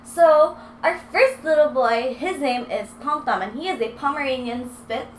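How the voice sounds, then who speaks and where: A young woman vlogger with a high voice talks to camera at a normal pace in her apartment, chatty and bubbly, using baby talk with her dogs and sometimes getting breathless from holding a heavy one. She starts on a handheld mic, then sets it down away from her, and the room is echoey with faint noise.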